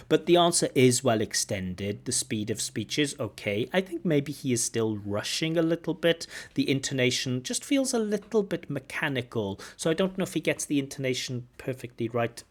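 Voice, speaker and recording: A man working as a language examiner, explaining feedback on a speaking test and modelling better answers. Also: mid-range voice. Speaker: IELTS examiner and teacher. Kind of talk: spoken test feedback commentary. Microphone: video call.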